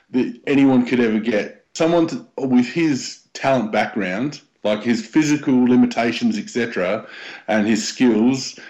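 A man chatting casually on a podcast, rambling and pausing on fillers. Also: medium pitch, darkish tone, lo-fi sound. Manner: rambling with many ums. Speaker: podcast co-host. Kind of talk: casual chat.

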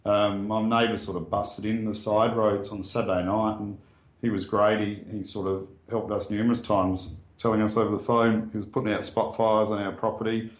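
A man's voice: lowish voice, level tone, moderate pace. An Australian man recounting events in casual, plain-spoken talk, earnest, with many ums and restarts. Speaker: guest sharing a bushfire story. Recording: roomy echo.

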